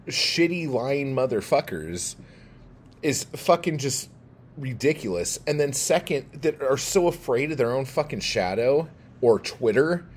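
A man's voice: medium pitch, darkish tone, husky. A man ranting heatedly to camera, swearing constantly and pushing his points with emphatic bursts. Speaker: poet and video creator.

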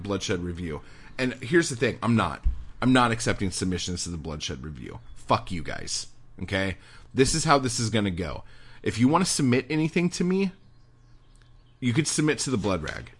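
A middle-aged man hosting a podcast, delivering an angry, profane rant that swings from low muttering to shouting. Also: husky. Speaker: podcast host. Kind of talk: profane ranting monologue.

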